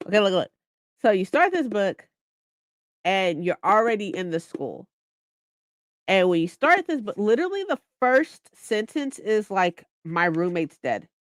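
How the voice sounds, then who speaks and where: A young woman chatting casually about a book she's reading, excitable, swearing often and acting out lines. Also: mid-range voice, a little slow, pauses often, no room sound, studio quality. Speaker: streamer hosting a reading session.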